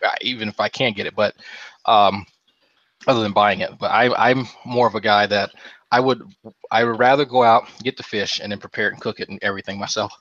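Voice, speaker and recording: Guy rambling on a podcast, bright sharp voice, dull dry sound. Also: on the low side, fairly even intonation, brisk. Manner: rambling, swears, laughs loudly. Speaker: podcast co-host. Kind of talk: casual online chat.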